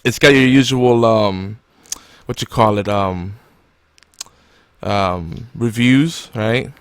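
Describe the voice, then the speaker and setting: A man's voice: fairly low pitch, slow pace, smooth, no room sound. Rambling male podcast host, dry sound. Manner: rambling, many fillers, joking. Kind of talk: casual podcast chat.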